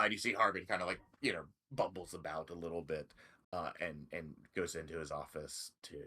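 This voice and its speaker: A man's voice: low voice, expressive, normal speed, bright, forceful tone, husky. A man narrating a tabletop game as game master, loose and rambling with many fillers.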